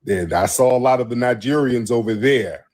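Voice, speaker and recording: A man's voice: medium pitch, moderate pace, a little mellow. A man hosting a casual livestream chat, telling rambling, profanity-laced stories. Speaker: host.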